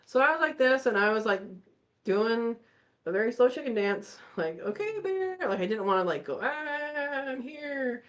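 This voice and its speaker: A woman hosting a live chat, telling a story in a casual, animated way and acting out the voices. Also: medium pitch, a little fast, lo-fi sound. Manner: animated, acts out voices in her stories. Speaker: channel host.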